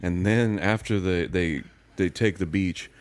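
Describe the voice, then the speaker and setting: A man with a very low, deep voice, chatting casually as a podcast co-host. He talks in a flat monotone and tends to ramble, laughing at his own jokes. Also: unhurried. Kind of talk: casual chat.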